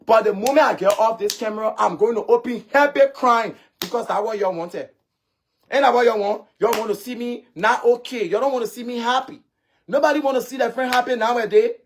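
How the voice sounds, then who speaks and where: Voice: mid-range voice, brisk, slight background noise. Livestream host, Liberian English accent, confrontational, repetitive rant, phone mic. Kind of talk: ranting livestream monologue.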